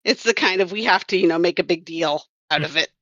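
A woman with a bright, forceful voice talks through her comics work in a loose, rambling way. She keeps correcting herself with wry asides. The recording is dry and a little muffled. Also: on the low side, quick pace, dry recording. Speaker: comics writer and colorist. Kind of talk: casual podcast chat.

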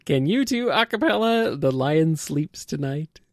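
Giggly podcast host, slow-talking man. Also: a little high, expressive. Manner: giggly, reads questions aloud, laughs often. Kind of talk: casual podcast Q&A.

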